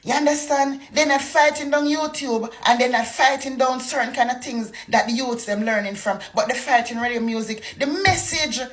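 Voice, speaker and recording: A woman from Jamaica with a Jamaican accent, delivering a fiery political rant full of rhetorical questions. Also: high voice. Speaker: political commentator.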